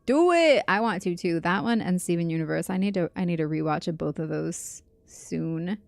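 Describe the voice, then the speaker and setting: A woman's voice: on the low side, expressive, normal speed, vocal fry, dry recording. A young woman streamer chatting casually and giggling as she plays a game and reacts to chat. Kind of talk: casual livestream chat while gaming.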